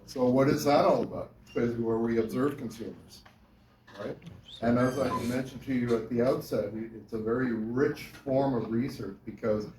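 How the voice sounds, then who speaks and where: A man's voice: medium pitch, normal speed, noisy background. A male university lecturer giving a class lecture, talking with students and often checking in with "right?". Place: lecture hall. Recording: echoey classroom from far off.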